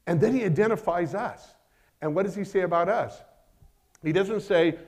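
A man with a high, light voice delivers a sermon. He swings between loud emphatic bursts and quieter asides, tossing out rhetorical questions and slowing right down on the phrases he wants to land. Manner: emphatic, rising and falling dynamically with rhetorical questions; slows down to stress key phrases. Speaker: preacher.

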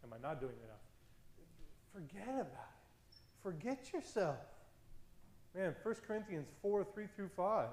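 A male pastor preaches in a loose, conversational way, laughing now and then and tossing in asides. His voice sits a little on the high side. The sound carries a noticeable room echo. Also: big pitch swings, measured pace, pauses often, darkish tone. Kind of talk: sermon.

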